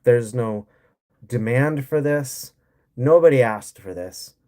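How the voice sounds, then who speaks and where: A man's voice: medium pitch, takes it slowly, darkish tone. An American man hosting a livestream, ranting bluntly with plenty of profanity and sarcasm while reading and answering chat. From United States. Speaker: livestream host. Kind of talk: casual livestream rant.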